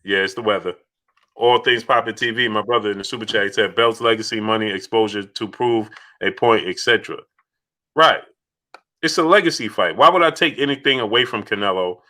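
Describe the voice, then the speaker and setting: A man's voice: medium pitch, sharp tone. A man hosting a casual boxing livestream, reading out super chats and making his points emphatically, often restarting his phrases.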